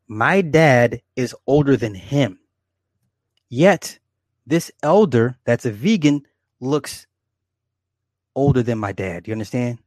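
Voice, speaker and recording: Brief: man, 40s, livestream host, casual and profane, laughs a lot, mid pitch, dry close sound. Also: dry recording. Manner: rambling, profane, laughs often, talks to viewers. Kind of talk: casual livestream chat, reading comments.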